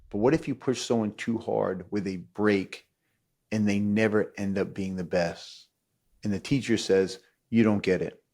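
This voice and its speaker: A middle-aged man hosting a podcast, telling stories in a casual chat, acting out quotes and laughing often. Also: fairly low pitch. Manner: animated storyteller, acts out quotes, laughs often. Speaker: podcast host.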